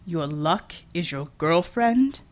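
A woman's voice: lowish voice, lively intonation, slow pace, voice pushed down. A woman voicing a battered young man with a wry, dry humor.

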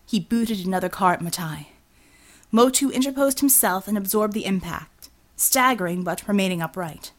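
A woman narrating an audiobook with a steady, expressive reading. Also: medium pitch, normal speed. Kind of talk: scripted narration.

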